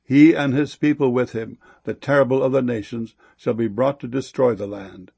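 Man, solemn scripture reading, gravelly, husky, measured delivery. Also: medium pitch, steady tone, a little mellow. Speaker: scripture reader.

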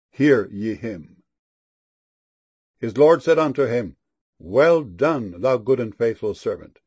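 Gravelly, husky man reading scripture. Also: on the low side, a little mellow. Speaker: scripture reader.

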